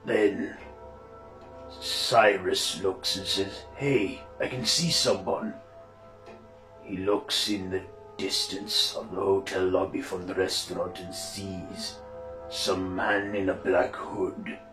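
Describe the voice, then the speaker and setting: Slow, low-voiced male storyteller. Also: level tone, a bit bright, echoey room, soft background music. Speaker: narrator. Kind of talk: amateur story narration.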